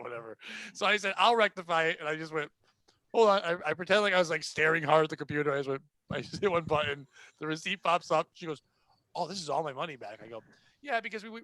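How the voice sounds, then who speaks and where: Here a man with a fairly high pitch, recorded dry, hosts a podcast and recounts a retail job story. Sarcastic and blunt, he acts out the characters with plenty of animation in casual storytelling.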